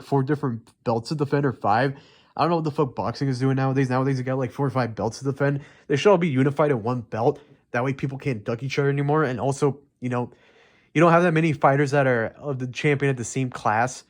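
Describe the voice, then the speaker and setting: A young man ranting heatedly and profanely in unscripted commentary, rambling with many fillers. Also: mid-range voice. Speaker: MMA commentary YouTuber.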